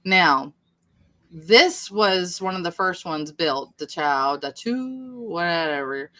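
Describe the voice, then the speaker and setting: A woman hosting a livestream chats casually, rambling and poking fun at herself in a chatty, self-deprecating way. Her voice is lowish with a sharp tone, and she speaks slowly.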